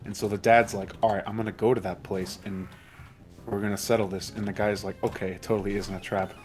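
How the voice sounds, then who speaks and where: A man's voice: on the low side, flat delivery, fast, soft background music. A man hosting a let's play commentary, recapping a plot in a rambling, profane way with his friends. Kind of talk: casual game commentary with friends.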